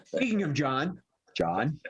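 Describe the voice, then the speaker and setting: A man's voice: fairly high pitch, wildly swooping pitch, slow pace, slightly rough, dull audio. A man hosting an improv game over a video call, giggling and reading prompts from a hat. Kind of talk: hosting online improv show.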